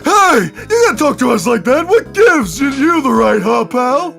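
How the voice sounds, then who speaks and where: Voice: high voice, very animated, moderate pace, creaky, soft background music, heavily acted. A player voicing an eager, blustering male police detective. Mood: blustery. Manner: loud, blustering.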